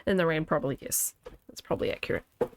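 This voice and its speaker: A woman's voice: low voice, quick pace, a little hiss or hum. A woman in her thirties with a New Zealand accent tinged with Scottish, chatting casually while streaming a game, laughing often and reading out chat. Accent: New Zealand with a slight Scottish tinge. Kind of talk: casual gaming commentary. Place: home room.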